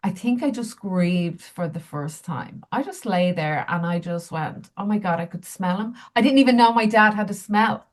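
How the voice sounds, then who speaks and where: A woman's voice: lowish voice, lively intonation, normal speed, hardly any pauses. A woman, a healer and medium, telling candid, self-mocking stories as an interview guest. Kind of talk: casual interview storytelling.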